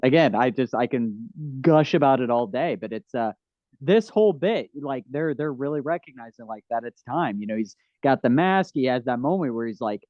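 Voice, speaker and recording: A man co-hosting a casual podcast review, talking in an animated, gushing way and acting out scenes in quick voices. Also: mid-range voice, no echo. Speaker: podcast co-host. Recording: dull lo-fi podcast mic.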